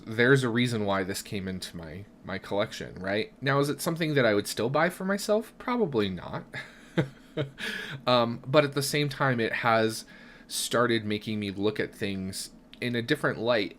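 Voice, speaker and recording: A man's voice: fairly low pitch, fairly bright tone, slight background noise. A young adult man hosting a tarot live stream, talking in a reflective, chatty way, often checking in with "right?" and restarting his sentences. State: has hiccups. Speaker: tarot reader and channel host. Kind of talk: live-stream casual talk.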